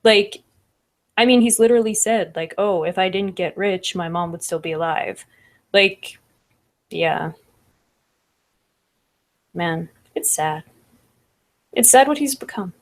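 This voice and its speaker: A woman's voice: mid-range voice, slow pace, long pauses. A woman hosting a livestream, reading chat comments aloud and chatting casually with lots of laughs. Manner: laughs often, fillers like "like" and "I don't know".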